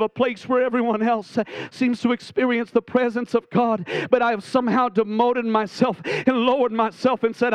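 A man's voice: very high-pitched, flat delivery, moderate pace, few pauses, clean tone, no echo. A man preaching a sermon as pastor, heartfelt and emotional, often repeating words and saying "uh" when moved. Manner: frequent "uh" fillers.

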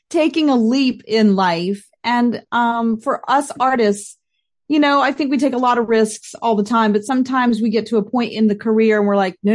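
A woman's voice: a little high, a little mellow. A middle-aged woman, a professional dancer, hosting a podcast with an upbeat manner and a sprinkle of Italian greetings. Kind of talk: scripted podcast intro and casual interview.

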